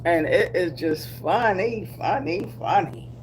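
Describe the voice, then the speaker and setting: A woman's voice: fairly low pitch, background noise. A middle-aged woman from Delaware chatting casually with her viewers in a drawling, easygoing way. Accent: Black American English. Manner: chatty, slow and drawling, with laughs and asides. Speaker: vlogger. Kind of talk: casual live chat with viewers.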